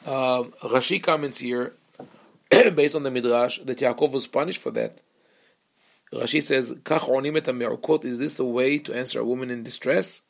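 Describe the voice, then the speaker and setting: A man teaching a Torah lesson as a rabbi, earnest and explanatory, pausing and restarting often. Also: medium pitch, gravelly.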